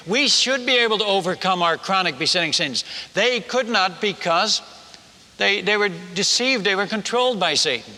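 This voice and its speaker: Bright, high-voiced male preacher, lively storyteller, hall echo. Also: moderate pace. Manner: animated storyteller, folksy asides and restarts. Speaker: preacher and former missionary. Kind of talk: storytelling sermon. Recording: long reverb of a large hall.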